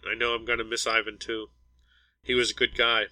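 A man's voice: medium pitch, completely flat delivery, brisk, sharp tone, dry recording, rough recording. A man voicing a grieving, blunt starship captain who gives firm, clipped orders.

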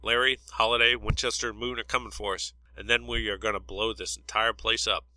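A man's voice: lowish voice, little pitch movement, fairly quick, pushed and bright, slight background noise, poor audio. A man voicing a tough male squad leader under fire, who gives orders in a raised voice. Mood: commanding.

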